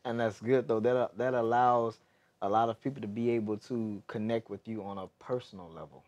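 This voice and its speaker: A man's voice: on the low side, fairly even intonation, fairly quick, darkish tone, lo-fi sound. A man interviewing a guest, attentive and affirming, then reflecting thoughtfully on what he has heard. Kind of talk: interview, encouraging listening.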